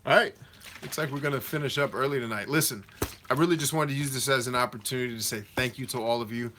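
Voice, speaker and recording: A man's voice: medium pitch, fast talker, a bit bright, a little hiss or hum. A man hosting a casual livestream Q&A, answering viewers directly in a slangy, motivational coach tone. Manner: reads viewer comments aloud and answers them directly; slangy and conversational. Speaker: host of a live Q&A stream.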